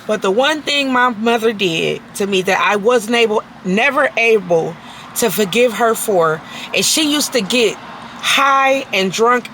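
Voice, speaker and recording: A woman's voice: fairly high pitch, sharp tone, a little hiss or hum, low-quality recording. A woman vlogger ranting angrily to camera, profane and emphatic, repeating herself for force. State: very angry. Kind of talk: angry personal rant to camera.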